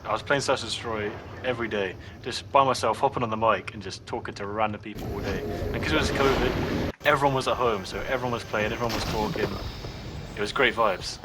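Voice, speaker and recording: A man's voice: on the low side, quick pace. A man in his twenties telling a rambling story in a late-night party chat, full of fillers and swearing. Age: 20s. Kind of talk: casual chat. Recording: noisy background ambience.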